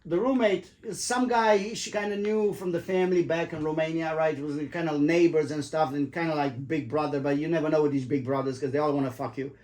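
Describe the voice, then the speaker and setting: A man, a father, telling his children a story in casual chat, animated and swearing often, acting out what people said. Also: fairly high pitch, a little fast, few pauses. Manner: animated, swears a lot, acts out quoted voices.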